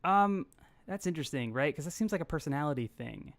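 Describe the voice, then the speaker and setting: A man hosting a casual interview, relaxed and a little rambling, joking about his own sidetracking. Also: a little high, brisk, no echo. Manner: relaxed, rambling, self-deprecating. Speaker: host.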